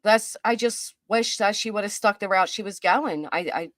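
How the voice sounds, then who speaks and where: A woman's voice: medium pitch, normal speed, fairly bright tone, no echo, studio quality. Chatty woman reacting to a clip. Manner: chatty, reads viewer comments aloud. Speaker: commentary streamer. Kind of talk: live reaction commentary.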